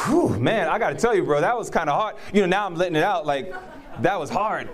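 Animated high-voiced male preacher. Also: fast. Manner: animated storyteller who acts out quotes; laughs often while telling stories. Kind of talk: testimony in conversation.

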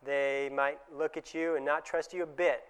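A man's voice: on the high side, level tone, moderate pace, clean tone. A man giving a conversational presentation to fellow dentists, often acting out short dialogues in changed voices. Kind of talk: conference talk to dentists.

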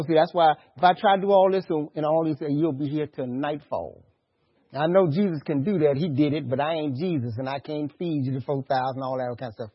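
A male pastor preaching a sermon, swinging between hushed asides and loud, lively outbursts. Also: sits high, slightly rough, highs cut off.

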